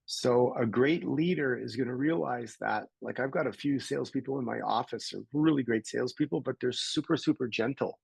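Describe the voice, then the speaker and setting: A middle-aged man from Canada, a podcast guest telling stories in a lively conversational way and acting out the voices of people he quotes. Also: medium pitch, a little fast, gravelly, hardly any pauses, husky, no echo, poor audio. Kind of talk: conversational storytelling.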